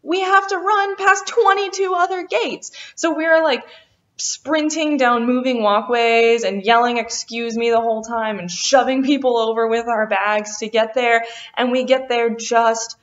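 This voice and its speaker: A young woman vlogger telling a lively storytime about a travel mishap, acting out what people said. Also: on the high side. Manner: animated, quotes people in quick voices. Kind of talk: casual storytime. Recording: dull lo-fi sound.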